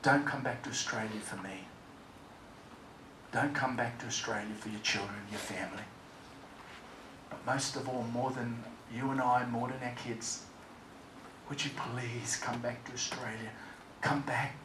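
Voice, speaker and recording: A man quoting a weeping woman pleading on the phone, in his own high voice. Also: moderate pace. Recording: echoey, noisy room, distant mic.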